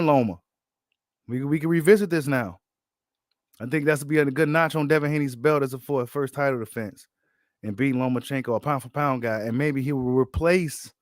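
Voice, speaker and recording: A man hosting a boxing channel, giving casual, animated reaction commentary full of slang and repeated phrases. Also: medium pitch, dry recording, studio quality.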